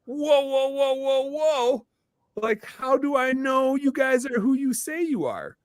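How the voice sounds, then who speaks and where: A man putting on a high, drawn-out voice for a suspicious stranger in a podcast anecdote. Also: lively intonation, dry recording, heavily acted. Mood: alarmed. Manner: high-pitched, drawn-out, incredulous.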